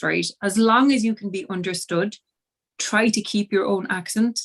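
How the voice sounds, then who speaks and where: Irish woman, acting coach, chatty, laughs a lot, video call. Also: mid-range voice. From Ireland. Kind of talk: casual conversation.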